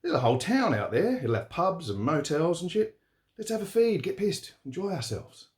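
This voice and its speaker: A man's voice: a little high, sing-song, normal speed, pitched above the performer's own voice. A man voicing a brash young male truck driver, cocky and swearing. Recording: roomy echo.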